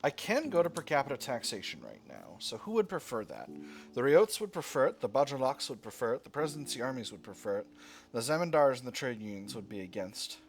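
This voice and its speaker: A man's voice: medium pitch, sing-song, fairly quick. A man casually commenting on his strategy game as he plays, thinking aloud and often correcting himself. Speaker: let's play gamer. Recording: game music playing underneath.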